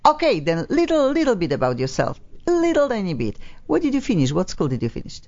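A woman's voice: mid-range voice, huge pitch swings, fast talker, darkish tone. A woman hosting a radio talk show in a studio, chatting playfully with guests, stretching words for emphasis and sounding a bit sleepy. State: sleepy, low on energy. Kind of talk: casual radio chat. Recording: slightly dull radio broadcast sound.

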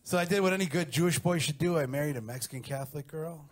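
A man's voice: on the high side, fast, slight background noise. Brash, profane middle-aged man. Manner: brash, profane, animated storytelling. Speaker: stand-up comedian. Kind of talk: stand-up set.

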